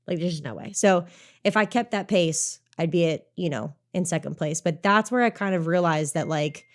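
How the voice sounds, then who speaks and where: A young adult woman, a racer and coach, telling an animated race story in casual podcast chat, swearing freely and saying "like" a lot. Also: fairly low pitch, moderate pace. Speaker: obstacle course racer and coach.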